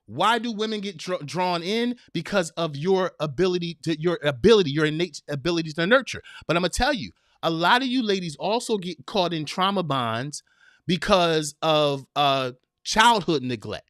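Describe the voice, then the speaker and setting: A man's voice: fairly high pitch, animated, normal speed, a bit bright, dry recording, studio quality. A man hosting a live advice podcast in a direct, preachy way, repeating phrases for emphasis. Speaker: podcast host. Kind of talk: live-streamed advice talk.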